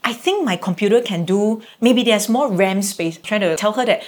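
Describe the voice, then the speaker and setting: A middle-aged woman appears as a guest parent, telling stories casually and animatedly and acting out the reactions she quotes. Her mid-range voice moves fairly quickly with few pauses.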